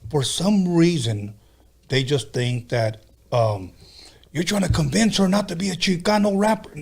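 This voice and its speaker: A man's voice: on the high side, animated, unhurried, gravelly, darkish tone, breathy edge. A man hosting a podcast interview, asking questions and agreeing often. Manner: agreeable, frequent "right, right" backchannels. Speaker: podcast host.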